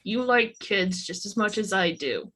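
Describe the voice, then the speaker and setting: A woman's voice: medium pitch, big pitch swings, unhurried, sharp tone. A woman playing a tabletop role-playing game, talking earnestly through her character's actions and laughing often. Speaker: player.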